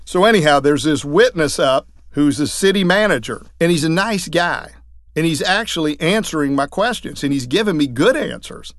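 A man, a trial lawyer, telling courtroom stories in a lively way, acting out what others said. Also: fairly high pitch, normal speed, no echo, clean studio sound. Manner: lively, acts out quoted voices. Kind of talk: anecdotal storytelling talk.

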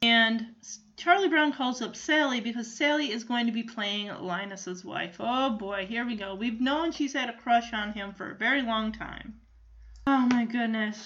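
A woman's voice: on the high side, moderate pace, fairly bright tone, muffled recording. A woman casually retelling a cartoon special, chatty and opinionated, with lots of fillers. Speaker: commentator.

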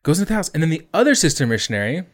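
A man telling an animated, sweary anecdote in casual podcast chat. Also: fairly high pitch, very fast. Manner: animated, swearing, laughing, mimics others in quotes. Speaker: podcast host.

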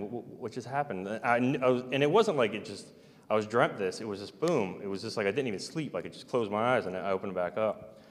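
A man telling a long personal story in a halting, rambling way, with many fillers and restarts. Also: lowish voice. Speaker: storyteller recounting personal experiences. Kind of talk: rambling first-person account. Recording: long hall reverb.

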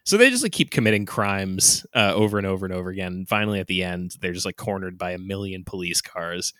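A man's voice: sits low, lively intonation, fast talker, fairly bright tone, no room sound, studio quality. A man co-hosting a podcast in casual chat, laughing often and talking loosely with lots of fillers. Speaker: podcast co-host.

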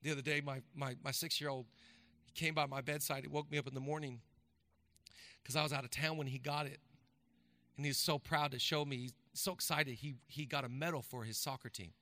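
A man in his thirties preaching a sermon as pastor, moving from casual storytelling to loud, emphatic preaching. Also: medium pitch, fairly even intonation, fairly quick, dry recording. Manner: conversational then building to loud emphatic preaching.

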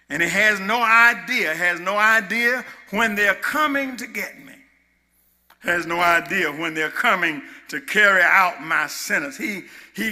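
A male preacher, retelling a story to his congregation, swinging from shouted lines to hushed asides. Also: high-pitched. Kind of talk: sermon.

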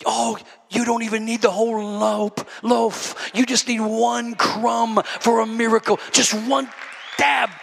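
Male preacher, high and sharp, emphatic folksy sermon delivery; long church reverb. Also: flat delivery, a little slow, gravelly, hardly any pauses, a faint crowd. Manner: fervent, emphatic, folksy asides. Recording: echoey church hall.

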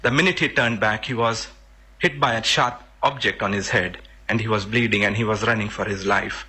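A man's voice: fairly low pitch, normal speed, bright, forceful tone, slightly rough. A man from India, earnestly telling a personal story and sometimes searching for words.

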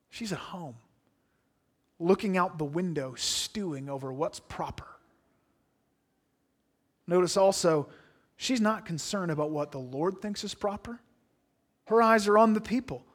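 A man preaching a sermon, reading scripture aloud and then explaining it earnestly, sometimes dropping to a hushed aside. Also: on the high side.

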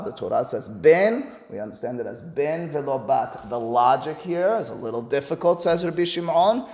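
A man giving a Talmud lecture, explaining earnestly and rising sharply in pitch on his emphatic points. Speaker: Talmud teacher. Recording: long reverb, hall-like.

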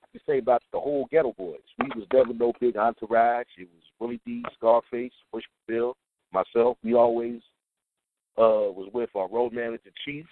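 A man's voice: mid-range voice, steady tone, normal speed. Laid-back New man on a phone line. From Trenton, New Jersey. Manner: laid-back, often adds "you know what I'm saying" and "man". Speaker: DJ, interview guest. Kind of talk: casual interview chat. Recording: tinny phone-like dry line.

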